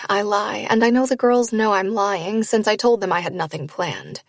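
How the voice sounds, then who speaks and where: Lady reading a romance audiobook, steady, mid voice, super dry. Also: medium pitch, normal speed, gravelly, no echo. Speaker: audiobook narrator. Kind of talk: first-person novel narration.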